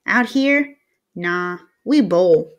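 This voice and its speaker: A woman's voice: fairly low pitch, lively intonation, drawn-out words. A cocky, self-assured teenage boy, as a woman reads him aloud in an audiobook. He is brash and teasing, talking in easy slang.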